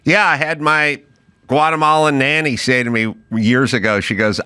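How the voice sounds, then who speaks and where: A man's voice: medium pitch, fairly even intonation, moderate pace, pushed and bright, smooth, dry recording. A man hosting a podcast, telling stories in a dry, offhand way. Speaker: podcast host. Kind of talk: casual podcast conversation.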